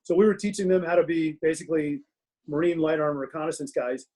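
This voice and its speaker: A man's voice: fairly high pitch, quick pace, warm tone, rough recording. A middle-aged man in a casual interview as a guest author, telling self-mocking stories from his home den and laughing through them.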